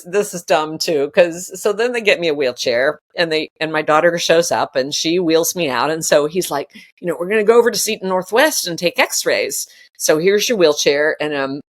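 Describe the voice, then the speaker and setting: A woman in her sixties tells a personal story as a podcast guest. Her voice rises and falls widely, and she often laughs and acts out the lines of the people in the story. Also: fairly low pitch. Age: 60s. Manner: animated, laughing often, acting out quoted dialogue. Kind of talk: storytelling in casual conversation.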